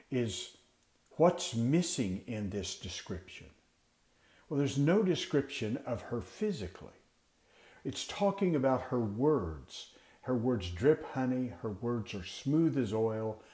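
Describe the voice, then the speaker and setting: Man, Bible teacher, mellow voice, echoey room, asks and answers his own questions. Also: mid-range voice, sing-song, slow pace. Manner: explanatory, asks questions and answers them himself. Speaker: Bible teacher training class leaders. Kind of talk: teaching talk for Sunday school teachers.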